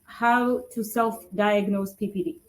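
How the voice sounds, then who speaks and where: A woman's voice: mid-range voice, steady tone, slow pace, slight background noise, low-quality recording. Woman host asking brief interview questions. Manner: brief prompting questions and acknowledgements. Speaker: podcast host.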